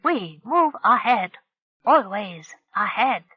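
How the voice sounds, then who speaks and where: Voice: mid-range voice, animated, slow pace, husky, no echo, dull audio, pitched above the performer's own voice. The narrator voicing a fretful, querulous old male alien shipbuilder in an audiobook. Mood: proud. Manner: querulous, complaining. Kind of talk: audiobook character voice.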